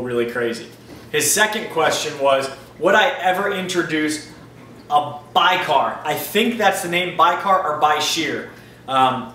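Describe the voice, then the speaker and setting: A friendly, loose-talking man chats through viewer questions in a casual vlog. His voice is bright and a touch high, and the room is echoey. He sits back from the mic, with a faint hum of room noise behind him. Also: far from the mic. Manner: chatty, upbeat, loose and informal. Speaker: aquarium hobbyist answering viewer questions. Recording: roomy echo, mic set back, faint ambient noise.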